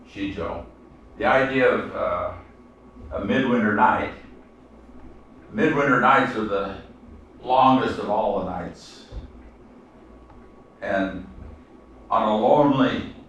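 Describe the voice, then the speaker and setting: A man gives a slow, unhurried classroom lecture, stopping often on fillers and false starts. He is picked up from a distance in a very echoey room, with a faint hum of ambience behind him. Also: fairly low pitch, a bit bright. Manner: halting, with many fillers and restarts. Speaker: seminar teacher. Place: seminar room. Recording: echoey room, mic far off.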